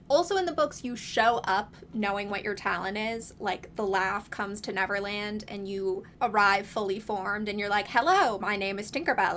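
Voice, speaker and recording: A woman's voice: mid-range voice, fairly bright tone, a little hiss or hum. A woman giving casual, opinionated commentary, chatty and wry with frequent laughs and sarcastic asides. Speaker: video essayist reviewing films.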